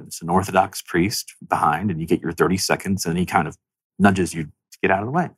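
Husky low-voiced guy, earnest and reflective, telling his story in an interview, dry close sound. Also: brisk, no room sound. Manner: earnest, reflective, voice rising with emotion. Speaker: interview guest, author. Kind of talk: emotional personal storytelling.

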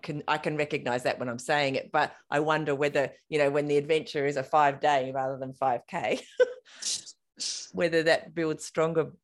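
A woman's voice: low voice, fairly even intonation, normal speed. A middle-aged woman hosting a casual interview, thoughtful and often searching for words. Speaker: podcast host.

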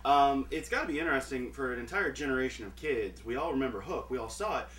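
Male co-host, quick and animated delivery, teasing tone. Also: medium pitch, a little hiss or hum. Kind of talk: casual interview chat.

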